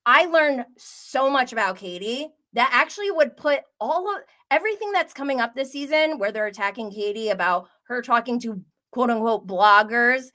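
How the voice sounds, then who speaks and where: A woman's voice: on the high side, moderate pace, few pauses. A woman hosting a live stream, chatting casually and gossiping, reacting to comments with frequent laughs. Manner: animated, gossipy, laughs often, reads chat aloud. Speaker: host.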